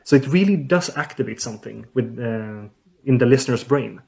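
Male researcher, guest, halting, lots of uh's, mid-pitched voice. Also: expressive, gravelly, a little mellow. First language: Swedish. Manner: hesitant, many uh fillers and restarts. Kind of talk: explaining in an interview.

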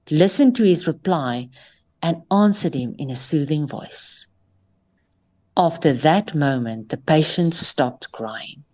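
A woman's voice: on the low side, warm tone. A woman, telling a story in a sermon and at times dropping her voice to a near whisper. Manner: switches between English and Afrikaans phrases. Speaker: preacher.

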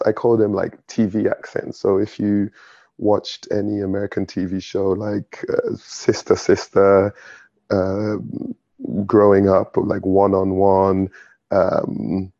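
A young London man talks in a relaxed, chatty way, his British accent now and then slipping into Nigerian inflections. His voice is low and gravelly with a husky edge. The recording is dull and lo-fi. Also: slow pace, no echo. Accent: British English with Nigerian touches. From London, England. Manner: relaxed, chatty, laughs often. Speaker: guest. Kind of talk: casual conversation.

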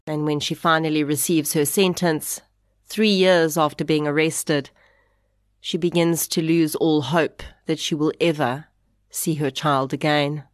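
A woman narrating a podcast, reading a measured, reflective script. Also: deep voice, fairly even intonation, no room sound, studio quality.

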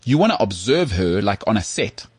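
A man with a South African accent, hosting a casual podcast chat in an animated, rhetorical way and often asking if he is understood. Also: fairly low pitch, moderate pace, husky, no room sound, studio quality. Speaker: podcast host.

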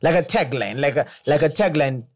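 A man's voice: a little high, a little fast. A man from Zimbabwe hosting a podcast, chatting loosely and laughing as he signs off the show. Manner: rambling, laughing, loose sign-off. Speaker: podcast host. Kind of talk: casual chat. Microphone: shared mic passed around.

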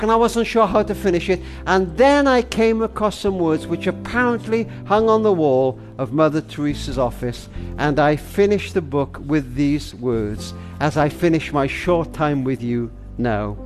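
An older man, a grandfather and author, tells a story and reflects in a tender, intimate, sermon-like way, slowing down for emphasis. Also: high voice.

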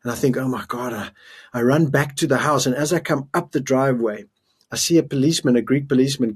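A man's voice: mid-range voice, darkish tone, husky. A middle-aged man from South Africa, a guest telling an emotional story in earnest, often restarting his sentences. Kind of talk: storytelling in a podcast interview.

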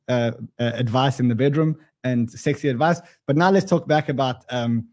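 A man's voice: a little high, darkish tone. A man with an Australian accent hosting a casual livestream, joking and rambling with many restarts. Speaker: livestream host.

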